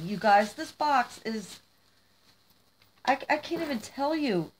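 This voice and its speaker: A woman's voice: sits high, animated, slow, slight background noise. A woman vlogging as she opens gifts, gushing and emotional, crying happy tears. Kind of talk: casual vlog, opening gifts.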